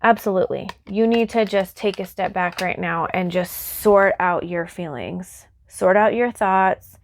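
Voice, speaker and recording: A woman's voice: medium pitch, unhurried, vocal fry. A woman reading tarot cards for her viewers. She speaks earnestly and reassuringly, addressing the viewer directly, and is close to tears. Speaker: tarot reader.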